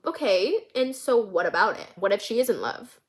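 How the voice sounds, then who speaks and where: A woman's voice: medium pitch, animated, moderate pace. Bubbly young woman talking through a script. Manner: bubbly, giggly, lots of "like". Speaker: vlogger and screenwriter. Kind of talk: casual storytelling of her script.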